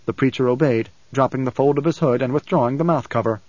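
A man narrating an audiobook in a measured, even reading. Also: medium pitch, dry recording, lo-fi sound. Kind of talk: scripted narration.

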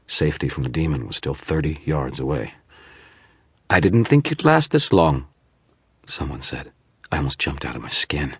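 A man narrating a first-person story with an extremely deep, husky voice. His reading is grave and measured, recorded close and dry with no room sound. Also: dry recording. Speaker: audiobook narrator.

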